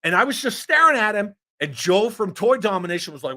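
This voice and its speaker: A man's voice: sits high, fast talker, hardly any pauses. A man hosting a casual chat, reading viewer comments and ranting with lots of swearing. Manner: profane, animated ranting. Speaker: host.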